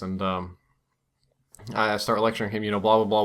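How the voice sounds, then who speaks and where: Man, young adult, low pitch, rambling dream story, musing, casual gameplay commentary. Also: flat delivery, smooth. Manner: musing, wondering aloud, drawn-out. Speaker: gaming channel host.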